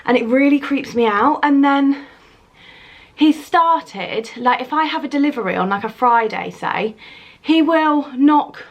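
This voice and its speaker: A woman's voice: sits high, expressive, unhurried, highs cut off. A woman with a British accent chatting casually to camera at home in a rambling, waffling way. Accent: British English. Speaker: lifestyle vlogger. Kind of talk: casual vlog chat to camera. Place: at home, indoors.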